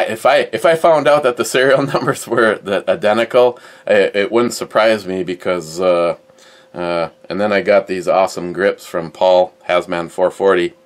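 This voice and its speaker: Middle-aged guy, real low voice, rambly casual gun talk with lots of uhs. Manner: rambling, many fillers and restarts. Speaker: host of a gun review channel. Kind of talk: casual chat about his collection.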